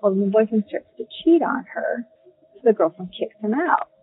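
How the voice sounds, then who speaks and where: A woman telling a personal ghost story in a casual, halting way, with many ums and restarts. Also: a little high, lively intonation, slight background noise. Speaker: caller sharing a ghost story. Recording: tinny phone line.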